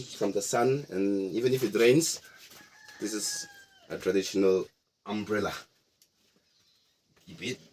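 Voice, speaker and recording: A middle-aged man from Nagaland, guiding a casual tour of a heritage house in a relaxed, explanatory way with playful asides. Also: lowish voice, a little hiss or hum. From Nagaland, India. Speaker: tour guide.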